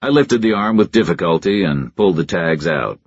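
A man narrating a first-person crime story in a measured, deadpan way. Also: deep voice, husky, no echo, highs cut off. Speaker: audiobook narrator.

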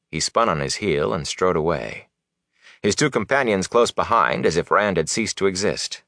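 A man narrating a fantasy novel in an expressive, dramatic way. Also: deep voice, moderate pace, no echo, studio quality. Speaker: audiobook narrator.

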